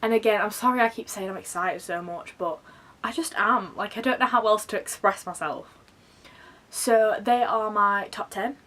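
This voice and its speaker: A young woman chatting to camera about books she is excited for, in a gushing, excitable way full of fillers. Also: mid-range voice, normal speed, distant mic. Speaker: book vlogger. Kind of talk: casual chat to camera.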